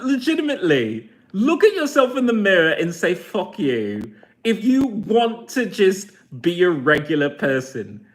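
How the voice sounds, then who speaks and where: A man's voice: high voice, a bit bright. A man in his forties, talking to camera in a blunt, mocking rant full of swearing. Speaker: vlogger.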